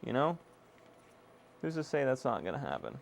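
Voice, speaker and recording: A young man casually chatting to viewers on a live stream while repairing a console, excitable and swearing freely. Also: medium pitch, normal speed, vocal fry. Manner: excitable, swears, self-deprecating laughs.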